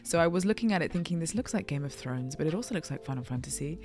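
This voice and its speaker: Chatty, excitable woman with a low voice, casual vlog delivery. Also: fast talker. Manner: excited, chatty, lots of fillers. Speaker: voice actor.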